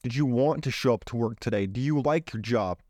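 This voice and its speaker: A man's voice: medium pitch, a little fast, darkish tone, dry recording, studio quality. A man hosting a podcast, giving an emphatic motivational monologue full of rhetorical questions, speaking into his own microphone. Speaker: podcast host. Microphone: own microphone on camera.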